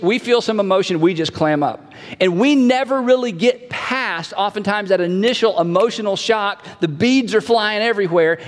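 A male pastor preaching a sermon in a conversational way, repeating key phrases and acting out quoted dialogue. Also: high-pitched. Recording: long hall reverb.

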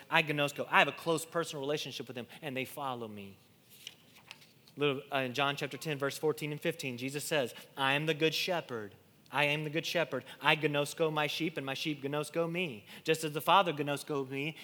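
A man preaching a sermon, swinging between loud declarations and hushed, intimate lines, often repeating and restarting words. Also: a little high. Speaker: pastor. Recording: long hall reverb.

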